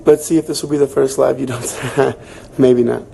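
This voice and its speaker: A man's voice: medium pitch, moderate pace, creaky, slight background noise. A young man hosting a casual livestream book club, chatting loosely with lots of fillers and reading out viewer comments. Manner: chatty, relaxed, filler-heavy, reacting to comments.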